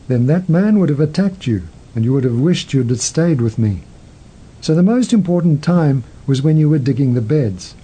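A man voicing an old, weak, wise male hermit who speaks calmly, with a husky voice. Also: a little high, rough recording.

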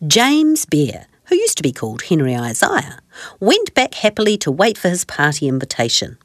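Gentle expressive woman reading a kids' story. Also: low voice, normal speed, no room sound, studio quality. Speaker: storyteller host.

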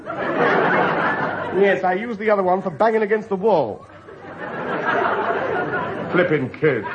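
An actor playing a pompous, chuckling cinema manager in an old radio comedy, with audience laughter. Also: male voice, sits high, animated, takes it slowly, muffled recording, over a noisy crowd, heavy background noise. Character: boastful comic cinema manager, man.

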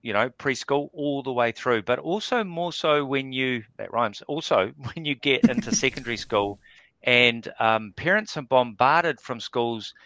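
A man's voice: medium pitch, measured pace, hardly any pauses, pushed and bright, no room sound, rough recording. A man answering interview questions in a casual, hesitant way, full of fillers and restarts. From New Zealand. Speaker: guest.

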